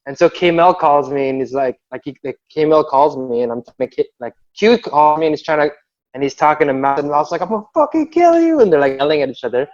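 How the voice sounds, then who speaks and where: A man from a b-boy crew rambles through a story on a video call, animated as he acts out quotes, yelling and laughing. He speaks quickly in a voice on the high side, and the call audio sounds muffled.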